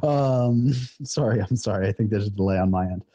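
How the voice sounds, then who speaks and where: A man speaking as a guest in a casual online call, in a measured, hesitant way. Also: on the low side, warm tone, no room sound. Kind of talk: casual livestream chat. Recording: dull lo-fi call audio.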